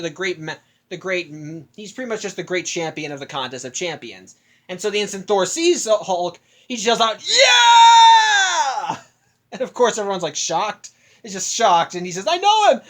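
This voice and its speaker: A man's voice: high voice, fairly bright tone. A young man casually recapping a film, rambling with frequent restarts and self-corrections.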